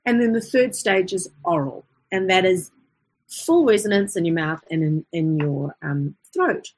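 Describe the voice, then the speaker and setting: A woman's voice: fairly low pitch, unhurried, breathy edge. A woman teaching an online voice lesson, explaining in a chatty way with fillers and self-corrections.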